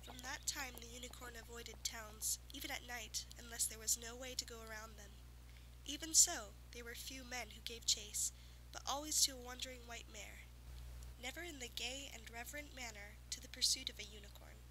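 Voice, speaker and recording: A woman reads a fantasy story aloud in a soft, measured, lyrical manner, at times sinking to a whisper. Her voice is very bright and sits a little high. A faint background hiss runs under it. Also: rough recording. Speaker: audiobook reader. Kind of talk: storybook narration.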